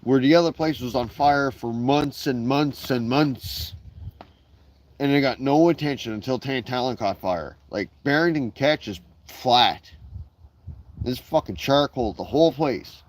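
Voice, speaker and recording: A man's voice: mid-range voice, unhurried, slight background noise, poor audio. Rambling, profane man streaming outdoors. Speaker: livestreamer. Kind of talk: casual live-stream chat. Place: outdoors in his backyard.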